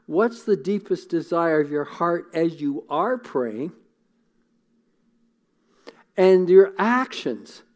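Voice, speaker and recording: A man's voice: on the high side, lively intonation, slow, pauses often, darkish tone. A man preaching a sermon in an earnest, conversational way, often repeating words as he thinks. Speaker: pastor.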